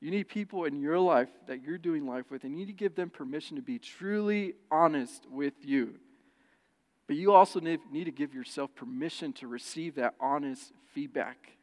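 A man's voice: fairly high pitch, moderate pace. Man preaching in a reverberant hall. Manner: animated storytelling, acts out quoted voices. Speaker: pastor. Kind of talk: sermon with personal story. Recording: long church reverb.

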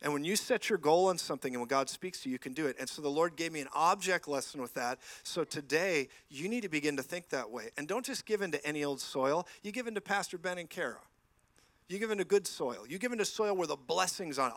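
Preacher guy, kinda high voice, dry close sound, acts out the back-and-forth in his stories. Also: dry recording. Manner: animated storytelling, acting out dialogue. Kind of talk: sermon. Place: church.

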